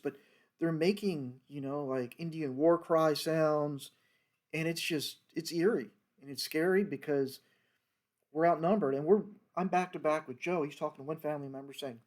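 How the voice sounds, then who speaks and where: Speaking at a normal pace, this former federal fisheries agent has a fairly high pitch and a darkish tone. He rambles loosely through a story from his time on the job, with lots of fillers and false starts.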